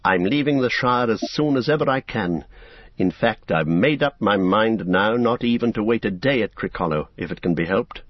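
A man voicing an earnest, serious young male hobbit in a measured, grave, thoughtful way while reading an audiobook. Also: lowish voice, lively intonation, no room sound. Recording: dull, dry recording.

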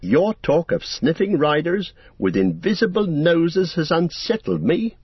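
A cheeky young hobbit teases in a high, lively voice, as a male audiobook reader does him. The recording is dull and dry. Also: slightly rough, no room sound, heavily acted. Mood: teasing. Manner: teasing, brisk.

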